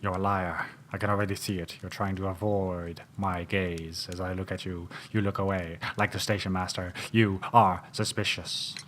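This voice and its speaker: A man's voice: sits low, level tone, moderate pace, few pauses, a bit bright, a little hiss or hum. A man commentating a video game playthrough, making mocking jokes in a theatrical way. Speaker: gaming channel host. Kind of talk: let's play commentary.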